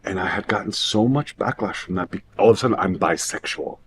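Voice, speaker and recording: A man's voice: sits low, brisk, a little hiss or hum. A man in his fifties, a guest in casual chat, giggly and campy as he talks. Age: 50s.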